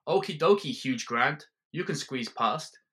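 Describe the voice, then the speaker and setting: A man voicing a young German metalhead who talks in a squeaky, teasing voice. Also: animated, measured pace, sharp tone. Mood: mocking. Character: young male German metalhead, cocky and mocking.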